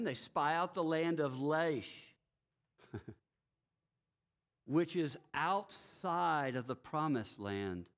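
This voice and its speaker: With a high voice, this man pastors a church and delivers a sermon. His storytelling is lively, full of rhetorical questions and regular chuckles.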